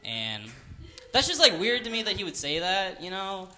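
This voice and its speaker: A man's voice: high-pitched, wildly swooping pitch, moderate pace, bright, forceful tone. A man doing a stand-up comedy set at a live venue, rambling and self-deprecating, with lots of fillers. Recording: live room with audible noise.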